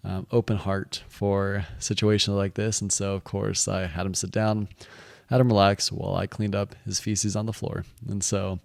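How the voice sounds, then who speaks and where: A man's voice: lowish voice, flat delivery, moderate pace, gravelly, no echo. A young man casually telling stories about his work, rambling and restarting, with many "he's like" asides. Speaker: vlogger recounting work experiences. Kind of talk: casual storytelling monologue.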